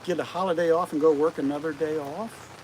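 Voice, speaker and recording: A middle-aged man hosting a casual livestream outdoors, animated and always asking his viewers rhetorical questions. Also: on the high side, a little fast, poor audio. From United States. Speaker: livestream host. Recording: rain noise clearly audible outdoors.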